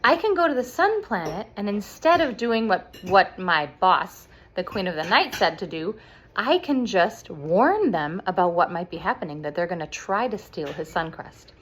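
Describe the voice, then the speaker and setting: A woman voicing a kind, gentle young princess with a soft, plaintive voice in a puppet-show story. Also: on the low side, sing-song, normal speed, a little hiss or hum. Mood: relieved.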